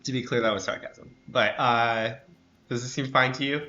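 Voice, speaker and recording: Bright-voiced man rambling through gameplay. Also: medium pitch, steady tone, moderate pace, lo-fi sound. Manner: rambling, self-correcting, dry sarcasm. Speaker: streamer playing a card game. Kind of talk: casual gameplay chat.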